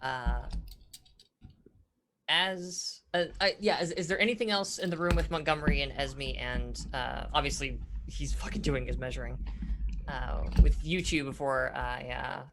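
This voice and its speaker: A woman's voice: very deep voice, unhurried, noisy background. A woman game master casually narrating a tabletop role-playing scene. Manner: casual, filler-heavy narration.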